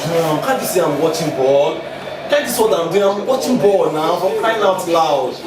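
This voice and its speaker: A man in a comedy skit, an excitable football fan shouting at the screen. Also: a little high, normal speed, music in the background. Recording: echoey room, mic far off, noisy.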